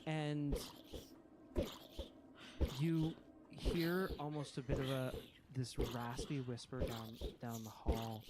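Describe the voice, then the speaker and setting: A man running a tabletop game as game master, narrating in a slow, halting way with many pauses. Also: medium pitch. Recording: loud background noise.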